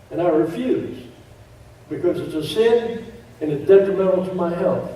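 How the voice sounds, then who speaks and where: A man's voice: high voice, animated, moderate pace, mellow. A man preaching a sermon, emphatic, repeating key phrases with joking asides. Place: church sanctuary. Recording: echoey church room, distant mic.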